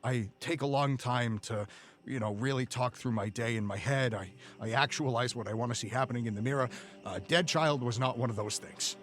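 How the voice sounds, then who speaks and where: A man's voice: mid-range voice, fairly quick, fairly bright tone, voice pushed down, close to an everyday voice. A man voicing a nervous, inept male thug who rambles and pleads with his partner. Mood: fretful.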